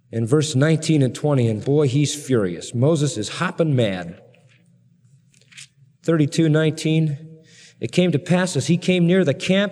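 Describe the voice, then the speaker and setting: A man preaching a sermon, telling stories dramatically and building his emphasis to loud peaks. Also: a little high, big-room sound. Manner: animated, dramatic storytelling with rising emphasis.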